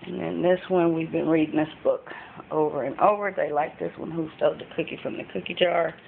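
A woman's voice: sits low, steady tone, a little fast, gravelly. A woman vlogging at home as a mom, chatting casually through a thrift haul with frequent ums. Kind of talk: casual show-and-tell chat. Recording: phone-like lo-fi with faint background noise.

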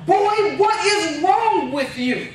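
Picture a frazzled mother rushing her boy out the door, impatient and scolding in a raised, lively voice, as a man puts her on. The sound comes from well back in an echoey hall with a faint hum underneath. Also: very high voice, recorded from a distance, pitched above the performer's own voice, full character voice.

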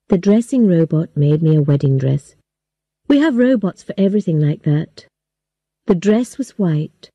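A woman reading a story aloud slowly and clearly for English learners. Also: fairly low pitch, no echo. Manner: slow, clear, even storytelling. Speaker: story reader. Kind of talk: slow scripted narration for English learners.

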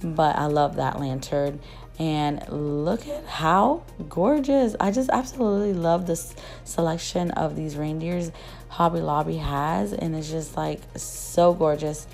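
A young woman vlogger, her voice still rough after losing it, chatting and gushing in a casual shop-with-me voice-over. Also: sits low, unhurried, darkish tone, faint music behind. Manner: gushing, chatty, many fillers. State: rough voice, just recovering.

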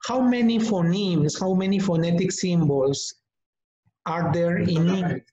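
A man hosting a live online teacher-training webinar, speaking slowly and deliberately, repeating words and calling on participants by name. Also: high-pitched, dark tone, slight background noise. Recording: echoey, slightly muffled webinar audio.

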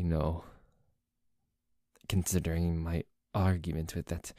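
A man's voice: deep voice, warm tone, dry recording, studio quality. A man voicing a protective young French nobleman with a put-on French accent, commanding toward a rival and tender toward his partner, in an audio role-play. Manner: indignant, commanding, then tender. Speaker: voice actor.

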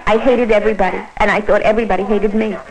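A woman's voice: mid-range voice, fairly even intonation, racing, a crowd in the background, natural voice, poor audio. An actress voicing a scared pregnant teenage girl, narrating her story in earnest, plain first-person narration for an old educational film.

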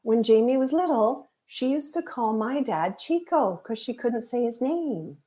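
A woman's voice: fairly high pitch, lively intonation, measured pace, warm tone. A woman, a psychic medium guest, chatting casually and telling stories with acted-out quotes. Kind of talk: casual storytelling chat.

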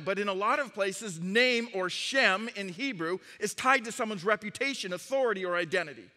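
A man's voice: high voice, sharp tone, long reverb tail. A man preaching a sermon as pastor, telling stories emphatically in a church sanctuary.

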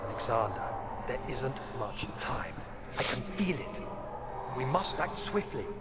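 An actor voicing an eerie male spirit who chants slowly and ominously in a horror game. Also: mid-range voice, big pitch swings, heavy background noise.

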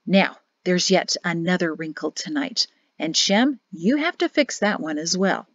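A woman voicing a stern, sharp-tongued rector's wife who talks in a brisk, scolding way. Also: lowish voice, lively intonation, dry recording, lo-fi sound.

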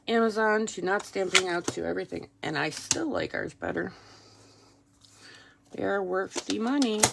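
This is casual how-to commentary from a woman stamping at her craft table, chatty and self-deprecating as she thinks out loud. She speaks in a lowish voice with vocal fry, and there's background noise.

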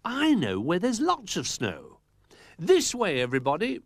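A man voicing an excitable female toy zebra in a storybook reading, with a high, bouncy voice. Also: unhurried, gravelly, full character voice. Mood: excited.

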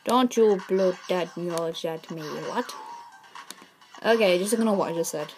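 A woman's voice: fairly low pitch, unhurried, darkish tone, soft background music. A woman giving let's play commentary on a game, easily frustrated, blurting out exclamations and swears at the screen, then apologizing. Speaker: gaming channel host.

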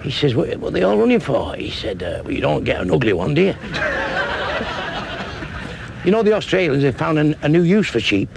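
Brash gravelly Mancunian comedian. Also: male voice, fairly high pitch, big pitch swings, a little fast, long pauses, noisy background. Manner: crude, brash joke-telling, chuckling at his own punchlines. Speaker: stand-up comedian. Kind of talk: stand-up comedy routine.

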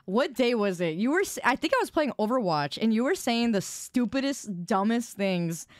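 A woman streamer chatting casually with her viewers, loud and expressive, quick to protest and tease. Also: a little high, no echo, clean studio sound.

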